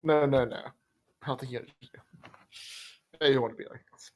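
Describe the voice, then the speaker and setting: A man's voice: medium pitch, fairly even intonation, a little fast. A man acting as game master, running a tabletop game with friends in a playful, teasing way.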